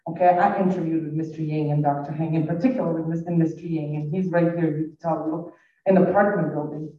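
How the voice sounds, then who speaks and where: A man's voice: on the high side, fairly even intonation, fast talker. A middle-aged man with a foreign accent, a school staff member responding at a community forum in a personal, rambling storytelling way. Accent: foreign accent, non-native English. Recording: echoey hall, distant dull mic.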